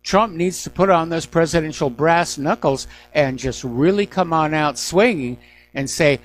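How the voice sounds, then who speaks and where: A man's voice: fairly high pitch, measured pace. A middle-aged man hosting a news talk radio show, giving emphatic, indignant opinions on the day's stories.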